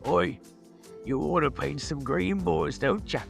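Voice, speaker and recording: A man's voice: a little high, a little slow, gravelly, soft background music. A man putting on a sultry coaxing orc. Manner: sultry, wheedling, dropping letters. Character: sly tempting male orc voice, coaxing.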